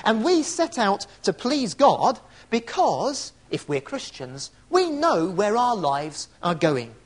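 A man's voice: high voice, wildly swooping pitch, slow. A man preaching an evening sermon, reflective and asking rhetorical tag questions.

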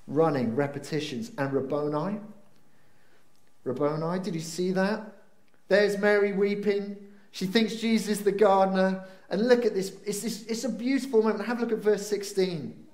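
A man preaching a lively sermon, swinging between excited bursts and hushed, slowed moments. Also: sits high. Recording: roomy echo.

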